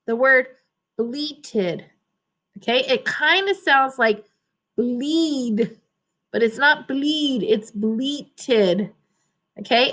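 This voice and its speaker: A woman reading a children's storybook aloud, pausing to explain words and ask the listeners questions. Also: a little high, a bit bright.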